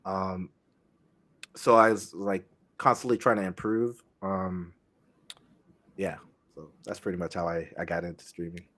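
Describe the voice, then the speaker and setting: A young man talks on a podcast in a low-set voice. He speaks haltingly and softly, stopping and restarting often as he tells his story. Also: flat delivery. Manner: halting, many fillers and restarts, soft-spoken. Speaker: guest streamer. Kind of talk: casual podcast chat.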